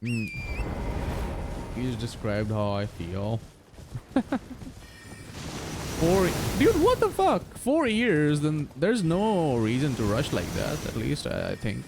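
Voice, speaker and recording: A man in his twenties chats while he plays, his gravelly voice rising and falling with lively swings in pitch. He laughs easily and swears without a second thought. A steady noise sits behind him in the recording. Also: slow pace, long pauses. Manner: laughs often, swears freely, animated. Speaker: streamer. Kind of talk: casual chat while speedrunning a game. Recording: noisy background.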